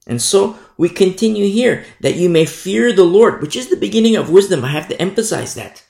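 A man's voice: sits high, expressive, a little fast, gravelly, a little mellow, echoey room. A man preaching a Bible study sermon as pastor, stressing his points by repeating phrases and often adding "you see.".

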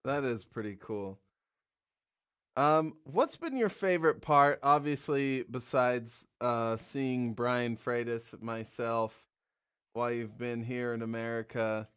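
A man's voice: mid-range voice, slow, a bit bright, clean tone. Male host, playful interviewer, clean resonant voice. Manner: joking, playful. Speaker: podcast host. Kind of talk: casual interview chat.

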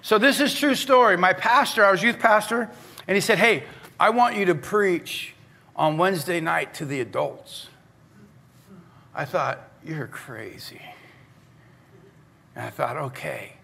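A middle-aged male pastor preaching a sermon, telling stories in a conversational way that moves from animated to hushed. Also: on the high side.

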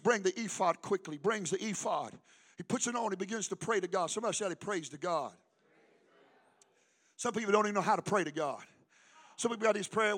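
A man, a pastor, preaching a fervent sermon that swings between hushed talk and loud declarations. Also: high-pitched.

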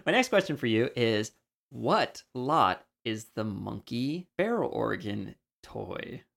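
Gravelly dude cohosting a podcast, jokey casual chat. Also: male voice, medium pitch, big pitch swings, takes it slowly, a bit bright. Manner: jokey, laughs often. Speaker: podcast co-host.

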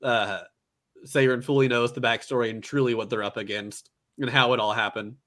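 A man talking casually on a podcast, walking a friend through an anime story with plenty of "like" and "uh". He stumbles, restarts and corrects himself as he goes, at an ordinary mid pitch. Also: fairly even intonation, a little fast, sharp tone. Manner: rambling retelling, filler-heavy, many restarts. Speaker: podcast co-host. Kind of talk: casual anime recap chat.

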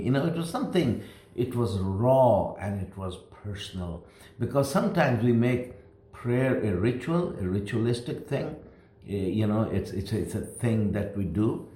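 A man's voice: lowish voice, a little mellow, reverberant. A male pastor preaching from his home, telling a story in a rambling, conversational way with many restarts. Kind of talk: sermon told as a personal story.

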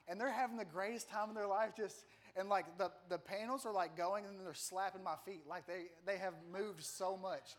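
Animated pastor with a high voice. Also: male voice, a little fast, hardly any pauses. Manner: animated, self-deprecating storyteller with humor. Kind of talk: sermon with personal story.

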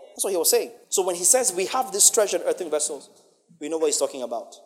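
A male preacher delivering a sermon, emphatic and playful, swinging from loud outbursts to hushed lines. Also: high-pitched, lively intonation, quick pace, faint music behind. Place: church hall. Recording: long reverb of a large hall.

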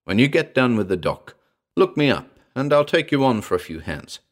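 A man voicing a gruff, educated talking male gorilla with a growling, slangy, wisecracking manner in an audiobook. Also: mid-range voice, very animated, normal speed, pitched above the performer's own voice, natural voice. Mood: friendly. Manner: slangy, laid-back wisecracking. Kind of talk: audiobook character voice.

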